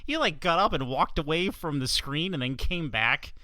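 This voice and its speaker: A podcast co-host chatting about football in a slow, amused way, laughing often. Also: mid-range voice, lively intonation, sharp tone, no echo. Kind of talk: casual sports chat.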